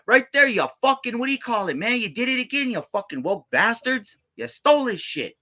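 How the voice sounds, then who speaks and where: A man's voice: very high-pitched, a little fast, hardly any pauses, bright, forceful tone. A man vlogging a casual, rambling rant full of profanity and repeated words.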